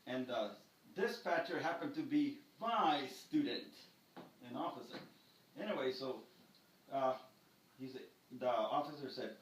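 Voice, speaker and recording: A man's voice: mid-range voice, moderate pace. An older man and karate teacher recounting a home break-in, acting out the voices and moves as he tells it. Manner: animated storyteller acting out the scene. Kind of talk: telling a personal story. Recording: echoey room picked up from a distance.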